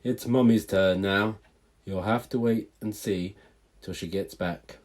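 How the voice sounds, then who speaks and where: A man voicing a patient father barn owl in a calm, fatherly way. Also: on the low side, measured pace, close to an everyday voice.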